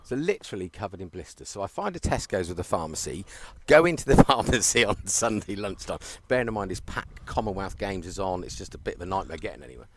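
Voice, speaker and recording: Brief: male cricket commentator, low-pitched, animated, laughs through his tales. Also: fast talker, hardly any pauses, slight background noise. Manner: animated storyteller, laughs often. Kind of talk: casual chat during live commentary.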